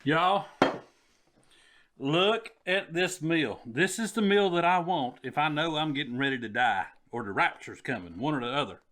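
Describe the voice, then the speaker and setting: A man's voice: on the high side, animated, normal speed, fairly bright tone, a little hiss or hum. A man with a Southern US accent, hosting a casual cooking vlog in a folksy way and calling his viewers y'all. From Southern United States. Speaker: cooking vlogger.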